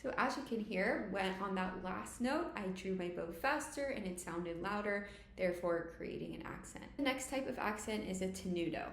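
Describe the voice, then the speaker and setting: Gravelly-voiced woman teaching violin. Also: mid-range voice, animated, normal speed, hardly any pauses, echoey room, soft background music. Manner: clear step-by-step explaining. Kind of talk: instructional tutorial.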